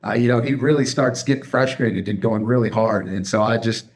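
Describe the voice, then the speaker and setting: A middle-aged man, a martial arts instructor co-hosting a podcast, telling stories in a loose, animated way, acting out the quotes and dropping "man" and "dude". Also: fairly low pitch, a little fast, roomy sound. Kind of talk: casual chat.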